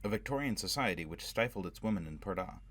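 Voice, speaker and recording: Deep, steady male narrator for a novel reading, dry booth sound. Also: quick pace, dry recording. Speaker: audiobook narrator. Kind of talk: scripted narration.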